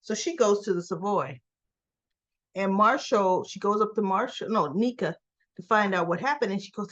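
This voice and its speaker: A woman giving a casual, chatty recap of a soap opera episode. She often corrects herself mid-sentence and tags her points with a quick "right?". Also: mid-range voice, fairly bright tone.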